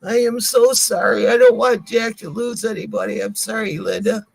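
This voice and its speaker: An older woman co-hosting a live stream, apologizing to viewers in halting speech with many pauses and repeated words. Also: medium pitch, steady tone, vocal fry, poor audio.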